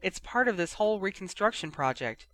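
A man reading aloud who voices Penelope, a calm, matter-of-fact young mother, in a storybook reading. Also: high voice, brisk, pitched above the performer's own voice.

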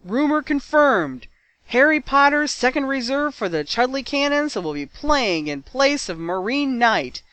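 A man voicing an excited male stadium announcer, calling out loud and high. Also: a little slow, clear, resonant tone, dry recording, heavily acted. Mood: thrilled. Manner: booming, announcing.

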